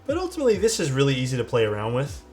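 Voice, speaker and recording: A man in a casual livestream, talking through his work in an easy, mid-pitched voice as he answers viewers. He thinks out loud and keeps drifting away from the mic. Faint music plays behind him. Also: racing. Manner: relaxed, thinks aloud, answers chat; drifts off-mic while searching for parts. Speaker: streamer building a keyboard.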